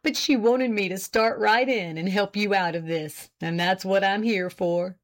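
A woman's voice: medium pitch, unhurried, natural voice. A woman reading the part of a friendly young man, kindly and coaxing in manner. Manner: kindly, coaxing, laughing easily. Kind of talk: audiobook character reading.

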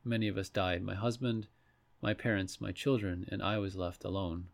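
A man reading a grieving solemn witch in a storybook, speaking in a measured, steady way. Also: low-pitched, creaky.

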